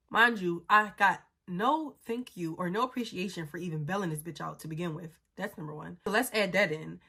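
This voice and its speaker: A woman's voice: lowish voice, a little fast, few pauses, sharp tone, breathy edge. A young adult woman telling a story in a casual, blunt and profane way, sounding exasperated as she recounts it.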